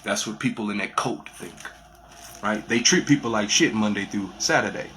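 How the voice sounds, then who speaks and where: A man's voice: lowish voice, moderate pace, fairly bright tone, slight background noise. A man giving an improvised spiritual monologue as a teacher, preaching in a repetitive way with street slang.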